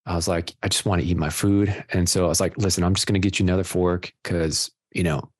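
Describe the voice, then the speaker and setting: A man's voice: low-pitched, fairly even intonation, fast talker, no echo, studio quality. A man co-hosting a faith-focused radio talk show, telling a family story in a rambling, self-deprecating way. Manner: rambling, many fillers and restarts, self-deprecating.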